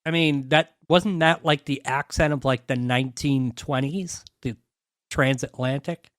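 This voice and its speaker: A man's voice: medium pitch, fairly even intonation, a little slow, fairly bright tone, dry recording, clean studio sound. A man co-hosting a podcast, chatting casually about a sitcom with jokey asides. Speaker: podcast co-host. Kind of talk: casual chat recapping a sitcom.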